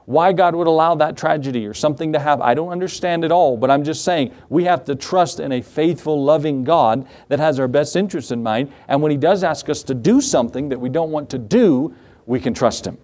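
A man's voice: fairly high pitch, a little fast, a little mellow. A man preaching a sermon, reading scripture and telling folksy stories with rhetorical questions to the congregation. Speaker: pastor.

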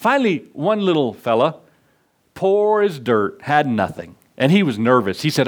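A man's voice: mid-range voice, normal speed. A man preaching a sermon in a church, telling stories and acting out the people in them. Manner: animated storytelling preacher, acts out voices. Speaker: pastor. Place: church sanctuary.

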